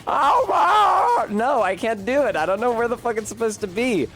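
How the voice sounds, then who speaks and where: A man's voice: high voice, fast talker, over music. A man streaming a video game, chatting casually in a rambling, profane, self-deprecating way. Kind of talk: casual gameplay commentary.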